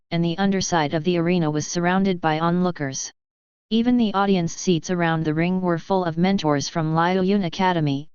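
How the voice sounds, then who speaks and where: Low-voiced woman reading a story aloud. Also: clear, resonant tone, no echo. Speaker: audiobook narrator. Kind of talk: scripted narration. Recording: dry, dull lo-fi audio.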